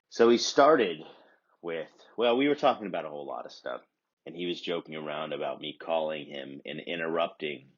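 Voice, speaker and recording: A man hosting a podcast, delivering a crude, rambling comic monologue that swings between mutters and shouts. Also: low-pitched, husky, lo-fi sound. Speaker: podcast host. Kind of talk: comedic monologue.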